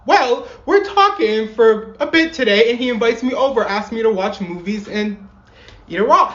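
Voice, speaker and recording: A woman's voice: fairly high pitch, lively intonation, moderate pace, fairly bright tone, dull audio. Woman telling a story in an echoey room. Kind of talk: casual storytime.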